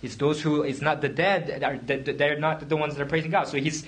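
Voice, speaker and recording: A man's voice: on the high side, level tone, quick pace, fairly bright tone. Man preaching with casual hesitations. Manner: conversational teaching with frequent fillers and restarts. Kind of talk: sermon.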